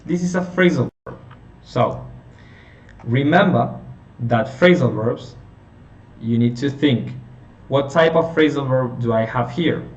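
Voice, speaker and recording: Slow-talking male teacher in an echoey room. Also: medium pitch, darkish tone, dull audio. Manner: slow, explaining step by step and quizzing students. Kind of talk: online phonetics lesson. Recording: echoey room, a little far from mic, faint hiss.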